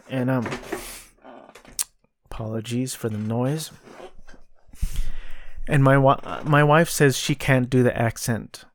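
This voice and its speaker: A man hosting a podcast, casually reviewing a film with frequent ums and restarts. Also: medium pitch. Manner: hesitant, many ums and restarts. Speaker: podcast host.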